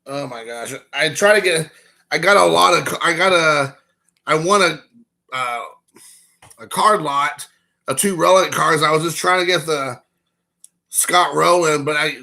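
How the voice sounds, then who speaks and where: Guy rambling and joking with his stream chat, gravelly voice, sharp bright tone. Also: on the high side. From Kentucky. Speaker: live stream host. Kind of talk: casual live-stream chat with viewers.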